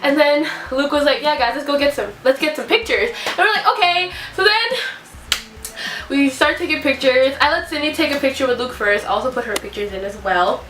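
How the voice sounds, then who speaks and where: A young woman vlogger telling an excited story-time tale, gushing and giggly, breathless with excitement. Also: high voice, fast talker, few pauses, soft background music. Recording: echoey room, mic at a distance.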